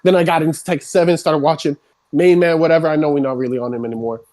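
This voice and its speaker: Streamer going off on a rant, cursing nonstop, voice cracking, normal pitch. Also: fairly even intonation, racing. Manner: swears constantly, escalates into shouting. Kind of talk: heated rant.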